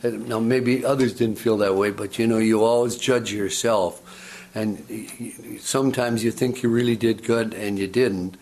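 A man's voice: fairly low pitch, fairly even intonation, normal speed, a little mellow. An older man preaching a sermon, talking in a conversational, storytelling way that often stops and repeats words. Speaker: pastor.

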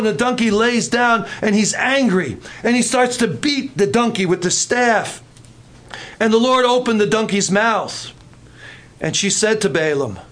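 Older man, preacher, sermon, high voice, dramatic, loud then hushed. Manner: animated, dramatic, shifting between loud and hushed.

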